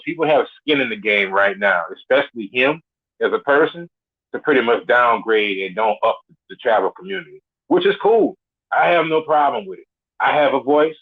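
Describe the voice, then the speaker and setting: A man's voice: medium pitch, breathy edge. A man of forty, a caller on a live show, ranting bluntly and with swagger, swearing constantly. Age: 40s. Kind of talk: profane rant. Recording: tinny phone line.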